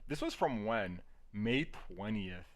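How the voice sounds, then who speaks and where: A man's voice: fairly low pitch, slow pace. A man giving casual live-stream commentary on his trades. He swears freely, laughs often and keeps checking in with viewers by asking "right?". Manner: profane, excitable, laughs often.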